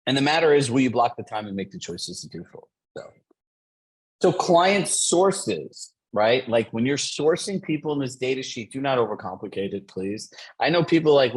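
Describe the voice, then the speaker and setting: A man coaching real estate agents in a motivational session, upbeat and energetic, dropping in "right?" and "like". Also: medium pitch, moderate pace, husky, low-quality recording.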